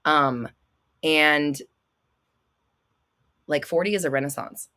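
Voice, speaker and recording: A woman in her late thirties runs a casual livestream, reading viewer messages and reacting with blunt, cursing candor. Her voice sits a little low yet has a bright, forceful edge. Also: slow pace. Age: 30s. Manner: blunt, swearing, laughing, dramatic outbursts. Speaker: host. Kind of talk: livestream chat answering viewers.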